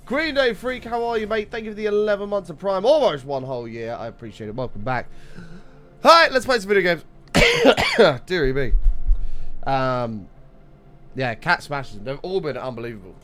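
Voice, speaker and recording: A young man chatting on a live gaming stream, with a fairly high voice that leaps up and down as he greets viewers and gets excited. His voice sounds slightly rough, and faint music plays underneath. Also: normal speed. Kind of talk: casual gaming stream chat.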